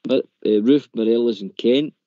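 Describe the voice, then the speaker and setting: A man's voice: mid-range voice, normal speed, warm tone, no echo, muffled recording. A man hosting a casual football phone-in show, talking tactics in an opinionated way and stumbling over his words. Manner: opinionated, repeats words, says "mate" and "in my opinion". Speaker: phone-in host.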